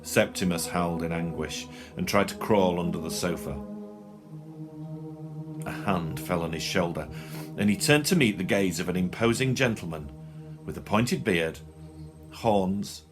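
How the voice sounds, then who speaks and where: Lively low-voiced male storyteller. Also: measured pace, long pauses, over music. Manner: dry, expressive storytelling. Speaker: narrator. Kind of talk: audiobook reading.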